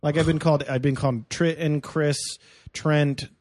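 A man's voice: a little high, steady tone, normal speed, darkish tone, no echo, studio quality. A man co-hosting a podcast in loose, joking casual chat. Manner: playful, does silly voices and impressions. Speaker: podcast co-host.

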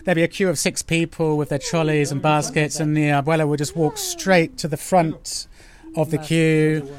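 A man's voice: fairly high pitch, little pitch movement, moderate pace. A man from England hosting a casual chat, easygoing and asking questions. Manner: easygoing, agreeable, asks questions.

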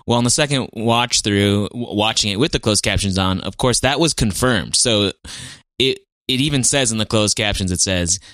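An easygoing man co-hosting a podcast, thinking aloud in loose casual chat. His voice sits a little low but sounds bright, and the room is dry. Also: normal speed, dry recording. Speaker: podcast co-host.

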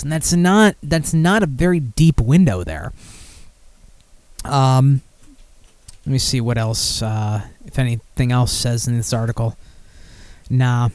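A man hosting a podcast, rambling and talking bluntly with plenty of swearing in a slightly high voice. The sound is close and dry, with no room echo. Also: a little mellow. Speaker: podcast host. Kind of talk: casual chat.

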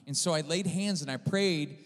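A male pastor preaching a sermon, impassioned at times and quiet and storytelling at others. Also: a little high, normal speed. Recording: long hall reverb.

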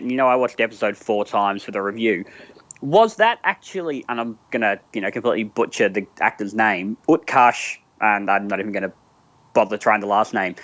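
A man co-hosting a casual podcast discussion, talking enthusiastically with quick asides. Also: medium pitch, fairly bright tone, no echo. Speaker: podcast co-host. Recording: slightly dull lo-fi audio.

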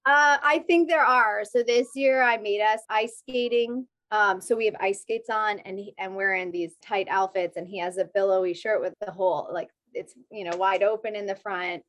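A woman's voice: medium pitch, normal speed, few pauses, fairly bright tone, no room sound. A woman in her thirties telling stories in casual chat as a podcast guest, laughing often. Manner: chatty storyteller, laughs often.

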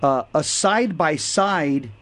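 Man with a slightly high voice, earnest and methodical, repeats key points in conversation. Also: unhurried, fairly bright tone. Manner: earnest, repetitive, lists points one by one. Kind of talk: casual explanatory talk.

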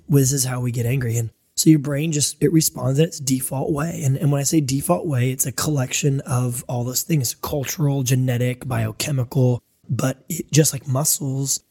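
A man preaching a sermon, telling animated everyday stories and acting out voices to make his point. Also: mid-range voice, moderate pace, breathy edge.

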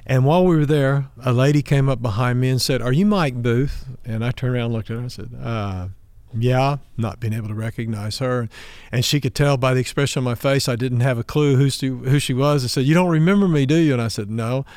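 A man's voice: medium pitch, brisk, a little mellow, smooth, dry recording, studio quality. A middle-aged man from Oklahoma preaching a sermon, telling a personal story and acting out the dialogue with a lifted voice for the quoted lines. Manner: acts out dialogue in his stories, raising his voice for the quoted lines. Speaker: pastor.

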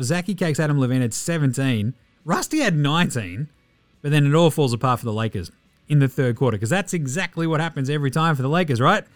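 An excitable Australian man rattles through scores in a quick, casual recap, throwing in jokes and the odd swear. His voice sits a touch high, recorded dry and close with faint music underneath. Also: no echo. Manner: excitable, swears freely, jokey asides. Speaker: podcast host. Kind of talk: fast casual sports recap.

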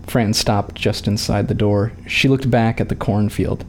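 A man calmly reading a short story aloud in a measured narrating voice. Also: on the low side, a little hiss or hum.

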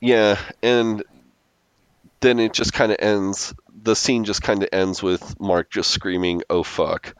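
A man's voice: fairly low pitch, fairly even intonation, slow, smooth, no room sound. A man co-hosting a podcast, casually recapping a TV episode and chuckling as he recounts scenes. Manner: amused, laughs often while recounting scenes. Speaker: podcast co-host.

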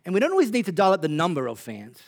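An Australian-accented male pastor delivering a sermon with a fairly high voice for a man. He talks in a loose, conversational way, punchy and laced with wry self-deprecating jokes. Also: wildly swooping pitch, racing.

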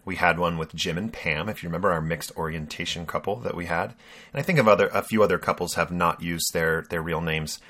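A man's voice: sits low, steady tone, fast, a bit bright. A man co-hosting a podcast, introducing the episode in a casual, jokey and rambling way. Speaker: podcast co-host. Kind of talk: casual chat.

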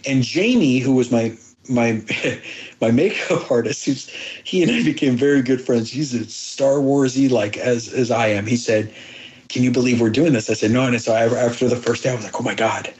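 A middle-aged actor in an interview, telling emotional stories earnestly, halting with many restarts and quoting others' dialogue. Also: male voice, medium pitch, a little mellow, lo-fi sound. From abroad, moved to the United States as a child. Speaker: actor guest.

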